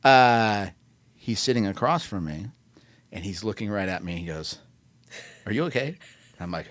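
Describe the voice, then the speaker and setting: A man with a fairly low voice chats on a podcast, recorded dry and close. He tells stories animatedly and often breaks into laughter while speaking. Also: moderate pace, dry recording. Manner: animated storyteller, laughs mid-sentence. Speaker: podcast co-host. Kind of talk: casual chat and storytelling.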